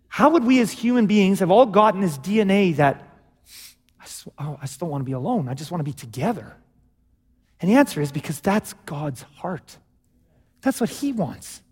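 A man preaching a sermon as pastor, in an animated, conversational way with acted asides. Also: sits high, long reverb tail. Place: church sanctuary.

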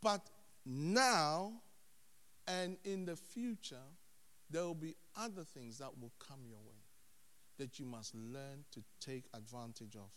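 Animated preacher in a reverberant hall. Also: male voice, mid-range voice, slow pace. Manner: animated, swings from hushed to loud. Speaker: pastor. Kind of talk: sermon.

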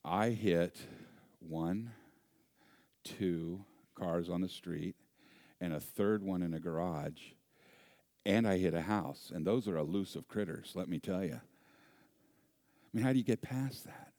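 A man preaching a sermon, an animated storyteller with self-deprecating humor. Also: deep voice, slow, pauses often, dry recording, clean studio sound. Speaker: pastor.

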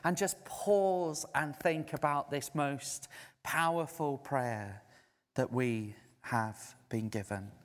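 A man's voice: medium pitch, takes it slowly. A man preaching a sermon, telling a story and acting out others' words in a raised voice. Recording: long hall reverb.

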